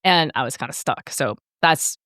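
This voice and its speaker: A woman in her twenties, a content creator guest in a casual interview, telling lively stories and acting out her parents' voices. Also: rumbling low, moderate pace, no room sound, clean studio sound. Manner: animated storytelling, acts out parents' voices, laughs often.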